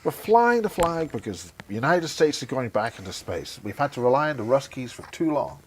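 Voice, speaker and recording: A man's voice: medium pitch, big pitch swings, brisk, slight background noise. A man interviewing in a casual conversation, teasing and provoking with mock-earnest remarks.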